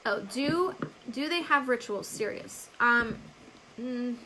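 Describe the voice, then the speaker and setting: A woman's voice: a little high, lively intonation, slow pace, pushed and bright, slight background noise, rough recording. A woman hosting a live stream as a psychic medium, chatting casually, laughing often and answering viewers by name.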